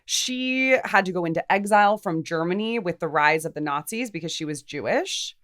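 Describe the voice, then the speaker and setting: Lively woman podcast co-host. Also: lowish voice, moderate pace. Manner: lively, thoughtful, frequent fillers. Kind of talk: casual philosophical discussion.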